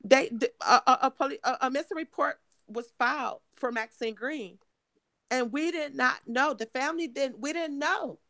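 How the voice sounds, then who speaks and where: A middle-aged woman from Michigan, hoarse and emotional, telling her story in an interview with halting, restarting speech. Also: high voice, fairly bright tone, no echo. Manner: halting, repeats words, restarts often. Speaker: guest, mother of missing woman.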